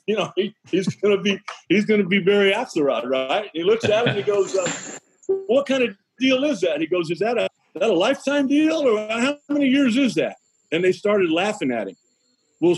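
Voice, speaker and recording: A middle-aged former baseball pitcher telling folksy stories in an interview, acting out the voices of the people in them. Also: male voice, breathy edge, rough recording. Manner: folksy, acts out voices in his anecdotes. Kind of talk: animated storytelling in a podcast interview.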